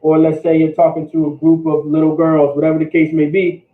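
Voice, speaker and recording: In a classroom or meeting room, a language teacher speaks a little fast in a high voice with a completely flat delivery. He repeats words and often asks his students "all right?", and the sound is roomy, distant and phone-like.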